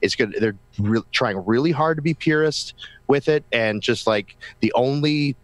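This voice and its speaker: A man co-hosting a casual gaming podcast, chatty and telling anecdotes in quick runs. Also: mid-range voice, no room sound. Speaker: podcast co-host.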